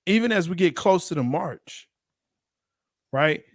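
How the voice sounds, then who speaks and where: A man hosting a casual sports chat on a video call, lively and quick to laugh. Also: high-pitched, dry recording, studio quality. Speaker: host.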